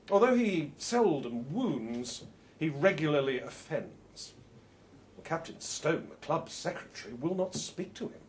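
A man reads a first-person story at an unhurried pace, his pitch sitting a little high and moving a lot. His tone is dry and understated, with soft laughs and "well" openers. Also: a little hiss or hum.

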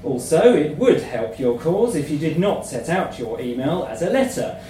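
A man's voice: a little high, very animated, moderate pace, dark tone, a little hiss or hum. A man reading comic letters aloud, playful and often laughing as he reads. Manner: playful, laughing through the lines. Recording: echoey room from far off.

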